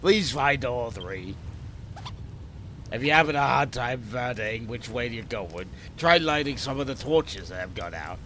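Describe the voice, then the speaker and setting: A man putting on a husky, wheedling cave creature. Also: medium pitch, expressive, measured pace, a bit bright, a little hiss or hum, pitched below the performer's own voice. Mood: pleading. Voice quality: husky smoker voice with a put-on vaguely French accent. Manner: coaxing, wheedling, calls the listener pet names. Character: smoky-voiced underground creature pleading for help.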